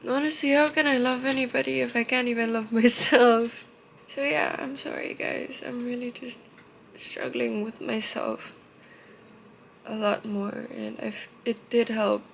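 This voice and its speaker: A young woman records a confessional vlog through tears. Her voice is gravelly with fry and unhurried, halting and heavy with emotion. She often sinks into soft, trailing murmurs. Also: on the high side, level tone, slight background noise, rough recording. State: tearful. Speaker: vlogger.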